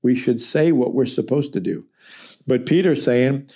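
Earnest man with a mellow voice. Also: mid-range voice, lively intonation, moderate pace, breathy edge. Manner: reads scripture aloud, then explains it plainly and earnestly. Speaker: Bible teacher. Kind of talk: verse-by-verse Bible teaching.

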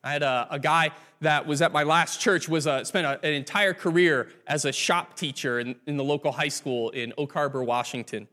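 A man's voice: fairly high pitch, moderate pace, few pauses, pushed and bright. Man preaching a conversational sermon. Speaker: pastor.

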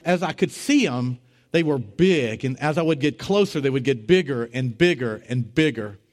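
A middle-aged man preaching as a pastor, telling a story with animated, rising voices for the people in it. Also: moderate pace, faint music behind. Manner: animated, rising to high excited voices when retelling dialogue. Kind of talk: sermon storytelling.

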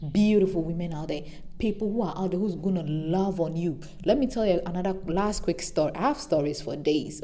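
A young woman hosting a podcast, talking off the cuff and giving emphatic advice with animated storytelling. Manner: emphatic, animated storytelling with sudden high exclamations. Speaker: podcast host. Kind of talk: unscripted advice monologue.

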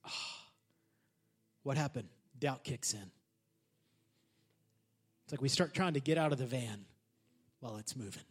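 Brief: male pastor, lively conversational sermon, high voice with big swings in pitch. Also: husky. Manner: animated, conversational preaching with asides to the congregation.

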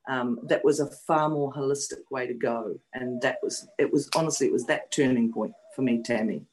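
A woman's voice: a bass voice, moderate pace, a little mellow, poor audio. Frank, emotional woman in her fifties. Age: 50s. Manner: frank and emotional, repeats phrases for emphasis; blunt, swears freely. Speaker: guest. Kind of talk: candid personal storytelling. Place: New Zealand.

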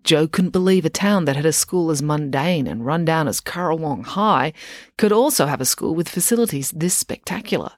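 Woman, low voice, dry close sound, bedtime story reading. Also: no echo. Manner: gentle, expressive storytelling with put-on character voices. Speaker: children's author reading her own book.

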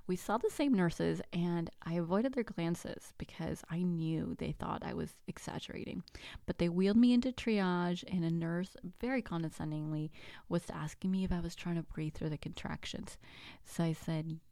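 A woman in her thirties hosting a podcast, telling a personal story in a casual, animated way, acting out the dialogue and sometimes dropping to a whisper. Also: lowish voice, moderate pace, creaky, dry recording, studio quality. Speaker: podcast host.

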